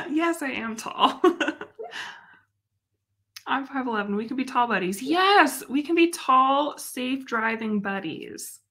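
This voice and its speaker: A woman's voice: sits high, expressive, takes it slowly, bright, forceful tone. A young woman hosting a live stream, chatting casually and expressively with frequent laughs. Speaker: livestream host.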